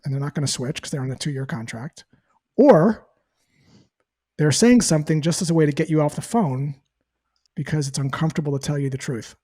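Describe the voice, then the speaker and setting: Mellow-voiced man explaining sales calls. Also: fairly high pitch, fairly quick, pauses often, slightly rough. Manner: explains with acted-out call examples. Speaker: sales trainer. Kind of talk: interview answer, teaching tone.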